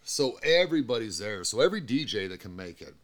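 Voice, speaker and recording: Speaking fast with a sing-song lilt at medium pitch, this man hosts a podcast and also works as a radio DJ. His casual chat is full of stories, free swearing and frequent laughter.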